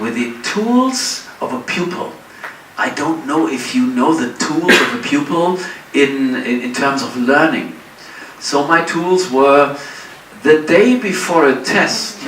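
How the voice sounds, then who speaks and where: Animated German-accented man in an echoey hall. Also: medium pitch, noisy background. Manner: animated storytelling, acting out quoted dialogue; self-deprecating humor. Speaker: keynote speaker. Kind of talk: conference keynote speech. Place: large conference hall. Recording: echoey hall, distant mic.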